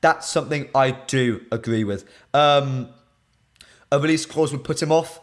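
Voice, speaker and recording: A young British man hosting a live stream, chatting casually and answering viewers' comments in lively banter. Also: medium pitch, a little slow. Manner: animated, reads chat comments aloud and banters with viewers.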